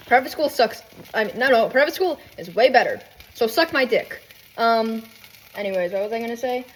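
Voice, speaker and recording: A woman's voice: on the high side, slight background noise. A young woman ranting casually while cooking at home, rambling with lots of fillers, asides and swearing. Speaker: vlogger. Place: home kitchen.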